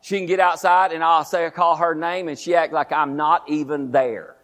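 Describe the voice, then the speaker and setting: Male pastor, high voice, folksy sermon that repeats lines and asks the congregation questions. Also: fairly even intonation, normal speed, a bit bright.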